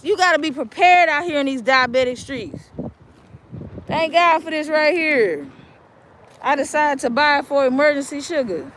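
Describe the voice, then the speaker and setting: Woman vlogger, high voice, animated colloquial storytelling, outdoors, faint traffic noise. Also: moderate pace, poor audio. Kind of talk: casual storytelling vlog. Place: outdoors on a city street waiting for a bus.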